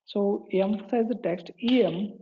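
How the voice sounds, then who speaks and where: Woman doing a coding tutorial, keeps repeating herself while typing, mid pitch, muffled sound. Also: a little slow, a little hiss or hum. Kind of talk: screen-recorded coding tutorial.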